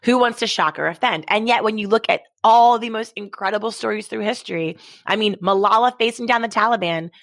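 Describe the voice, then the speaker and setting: A woman guest, an author and speaker, talking in an animated, preachy way in a podcast interview. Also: medium pitch, a little fast, no echo. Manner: energetic, preachy, acts out quoted voices.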